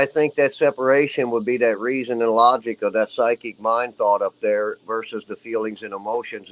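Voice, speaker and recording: A man's voice: medium pitch, dull audio. An earnest male panelist with a mid-range voice, sharing a thought and then signing off with blessings. His tone is sincere and easygoing. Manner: earnest, spiritual sign-offs. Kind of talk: casual live panel chat.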